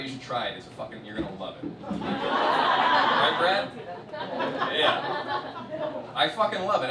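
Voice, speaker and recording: A young man from Miami doing a stand-up comedy set, swearing a lot and swinging from muttered asides to loud bursts. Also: on the low side. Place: large live comedy venue with audience. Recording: roomy, distant live stage recording with loud crowd noise.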